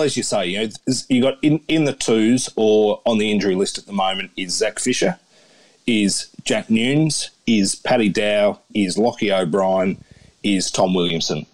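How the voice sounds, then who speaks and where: An Australian man co-hosting a sports podcast on a phone, talking in a measured, reasoning way. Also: lowish voice. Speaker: podcast co-host. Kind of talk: casual sports podcast chat.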